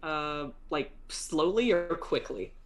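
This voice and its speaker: A woman's voice: low voice, animated, slow. A woman playing a tabletop game, declaring her character's actions with hesitant "um"s. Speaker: player.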